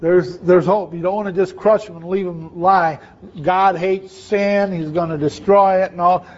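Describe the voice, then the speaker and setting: A man preaches conversationally at normal speed, posing questions to his audience in a high-pitched, steady voice. The recording has its highs cut off.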